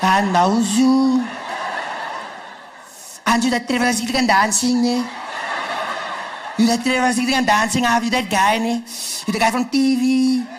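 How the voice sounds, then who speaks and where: A man voicing a huge, burly, starstruck woman who speaks slowly and insistently. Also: on the high side, fairly even intonation, background noise, pitched above the performer's own voice, close to an everyday voice. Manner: slow, drawn-out, insistent questioning.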